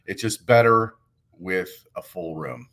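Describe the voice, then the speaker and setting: A man with a rural Midwestern American accent, a guest comedian telling easygoing stories in casual chat, his voice a little lower than usual after drinking. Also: fairly even intonation, a little slow, fairly bright tone. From Illinois, USA. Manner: easygoing storyteller, self-deprecating.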